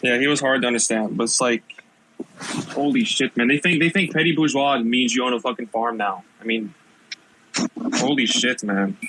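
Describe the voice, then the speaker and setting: A man's voice: mid-range voice, moderate pace, pushed and bright, a little hiss or hum, low-quality recording. A man hosting a casual debate, exasperated and mocking, swearing often. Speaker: host.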